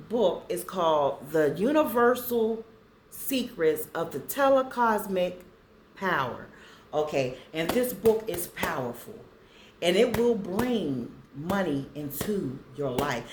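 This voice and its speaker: A woman vlogger casually talking to viewers and slowly reading affirmations aloud so they can write them down. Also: fairly low pitch, big pitch swings, echoey room, a little hiss or hum. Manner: slow, deliberate reading for viewers to copy.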